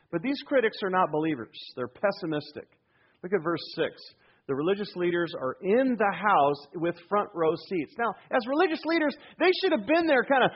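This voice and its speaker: A male pastor preaching a sermon in a church, emphatic, moving between loud urging and low, hushed points. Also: husky, dull audio. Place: church sanctuary.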